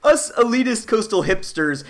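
A man co-hosting a podcast, joking in a dry, wry way. His voice sits a bit high and moves widely in pitch. The talk is relaxed and unscripted. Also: moderate pace. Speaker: podcast co-host. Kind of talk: casual chat.

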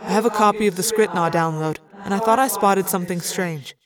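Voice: medium pitch, fairly quick, crowd noise, lightly acted. A reader voicing a young, earnest male alien cadet who speaks timidly and eagerly.

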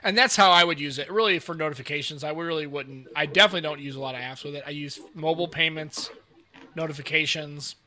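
Guy on a tech podcast, kinda high and super bright, talks all over the place, shouts out the chat. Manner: animated, rambling, quick asides to the chat. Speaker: podcast co-host.

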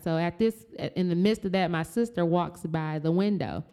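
A woman's voice: lowish voice, moderate pace, clear, resonant tone. A woman telling a family story in casual chat, acting out heated quotes and swearing freely. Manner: animated, swears, acts out shouted quotes.

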